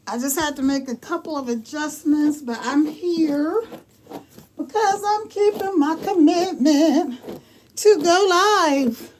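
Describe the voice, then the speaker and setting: A woman's voice: high-pitched, slow pace, a little mellow, a little hiss or hum. A woman hosting a casual livestream from home on her phone, chatting and laughing as she greets viewers and walks around. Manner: walking around while talking. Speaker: livestream host.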